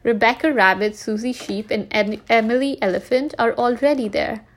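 A woman reading a children's story aloud in a slow, clear way. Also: fairly high pitch.

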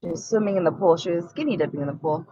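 A woman co-hosting a podcast, telling stories in a teasing, deadpan way. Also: on the low side, very fast, no echo, muffled recording. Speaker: podcast co-host. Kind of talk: casual storytelling chat.

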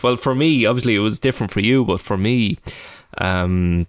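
A man's voice: on the low side, normal speed, hardly any pauses, dry recording. A man in his thirties with an Irish accent, co-hosting a podcast in a rambling, chatty way full of fillers. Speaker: podcast co-host. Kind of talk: casual podcast chat.

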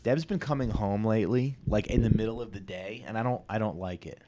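Male podcast host, 30s, lowish voice; crude, self-deprecating solo monologue full of stops and restarts. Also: a little fast, dark tone.

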